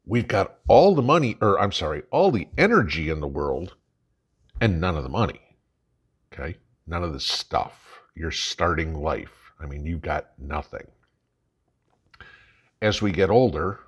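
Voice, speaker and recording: A man's voice: low-pitched, husky. An older man from Chicago with a Chicago accent, hosting a prepping channel in a folksy, chatty monologue that keeps checking in with the viewer. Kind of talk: casual talking-head monologue.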